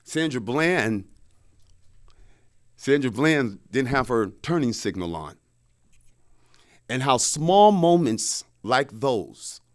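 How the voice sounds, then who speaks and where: A man giving an earnest, emphatic talk about a personal experience, acting out his own pleading words, recorded in a media studio. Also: medium pitch. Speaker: lecture speaker. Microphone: studio microphone.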